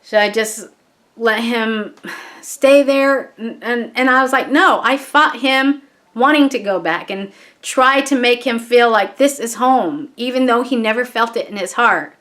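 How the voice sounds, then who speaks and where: A middle-aged woman speaks to her camera in a slow, unhurried way. Her voice sits a little high, and she sounds chatty, candid and heartfelt as she tells a personal story. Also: a bit bright. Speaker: vlogger.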